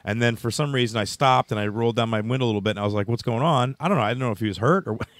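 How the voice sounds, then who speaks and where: A man's voice: mid-range voice, very fast, no echo. A man telling a story in casual chat, rambling with restarts and laughing as he goes.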